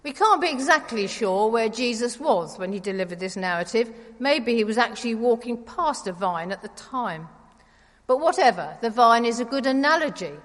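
A woman giving a conversational, gently wry sermon in church. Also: a little high, expressive, normal speed. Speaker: preacher. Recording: reverberant church hall.

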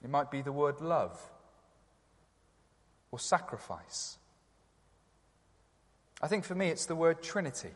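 A man preaching a sermon in church, gentle and reflective, with some hesitant fillers. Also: fairly high pitch, very animated, measured pace, long pauses. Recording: long church reverb.

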